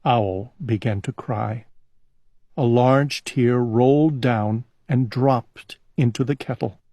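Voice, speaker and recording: A man reading a children's storybook aloud in a calm, gentle, unhurried way. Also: medium pitch, no echo.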